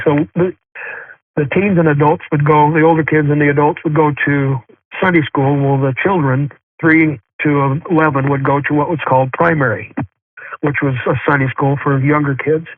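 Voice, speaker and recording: A middle-aged man earnestly recounting a personal spiritual experience, speaking haltingly with many fillers and restarts. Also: a little high, fairly even intonation. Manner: earnest and heartfelt. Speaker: guest sharing a spiritual experience. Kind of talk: personal storytelling. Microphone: phone. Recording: tinny dry phone line.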